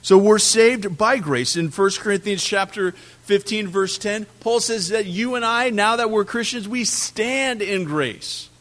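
A man preaching a sermon, animated, swinging between loud emphasis and quiet drops on key words. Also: high-pitched, measured pace, few pauses. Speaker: pastor.

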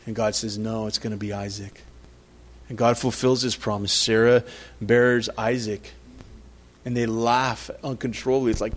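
A man's voice: steady tone, a little slow. Man preaching a conversational sermon. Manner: conversational preaching, acts out quotes, rises in pitch when emphatic. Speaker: pastor. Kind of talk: sermon with scripture reading.

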